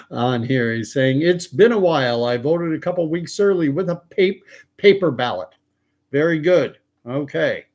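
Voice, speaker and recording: Chatty man hosting a live stream. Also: mid-range voice. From Canada. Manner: chatty, reads viewer comments aloud, thinks out loud. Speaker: livestream host. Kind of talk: casual live-stream commentary.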